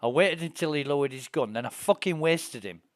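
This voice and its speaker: A man's voice: on the high side, lively intonation, fairly quick, no room sound, clean studio sound. Middle-aged man, sweary streamer. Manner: rambling, profane, indignant anecdotes. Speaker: game streamer. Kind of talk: casual gameplay chat and storytelling.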